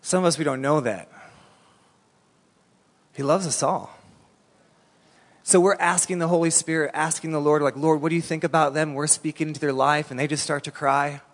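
A man's voice: fairly high pitch, fairly even intonation, normal speed, pauses often. A man preaching a sermon, telling a story animatedly in a casual, colloquial way. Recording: long reverb in a large hall.

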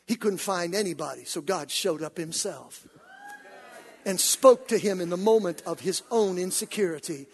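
A man preaching a sermon to his congregation, building up to shouts and calling on the church to answer. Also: high voice, moderate pace, slight background noise. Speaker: pastor. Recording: hall reverb.

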